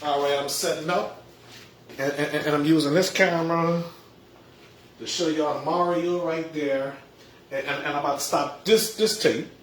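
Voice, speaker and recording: A man's voice: a little high, fairly even intonation, moderate pace, a little hiss or hum. A man hosting a casual home livestream, stammering and repeating his words, often chuckling. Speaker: livestream host. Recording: echoey room.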